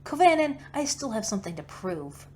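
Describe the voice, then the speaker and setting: A woman's voice: fairly high pitch, very animated, normal speed, slight background noise, pitched above the performer's own voice. A woman doing a stubborn young noblewoman. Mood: pleading. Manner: pleading, then shouting.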